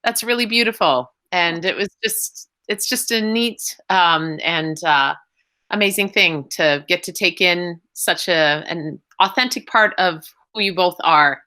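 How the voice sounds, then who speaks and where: A woman's voice: fairly low pitch, measured pace, sharp tone. A woman hosting a video-call interview, effusive and emotional as she gushes. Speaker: wellness coordinator, host.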